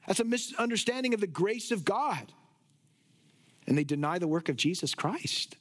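A male preacher delivers an expository sermon. He speaks in an emphatic, rhetorical way, with a voice that sits high for a man. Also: very animated, normal speed, pauses often. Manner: emphatic, rhetorical, sometimes laughing at absurd ideas.

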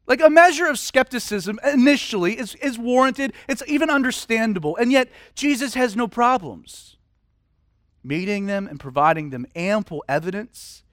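A man preaching a sermon in a casual, animated way, with humorous asides. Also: very high-pitched, normal speed, no room sound, studio quality. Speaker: pastor.

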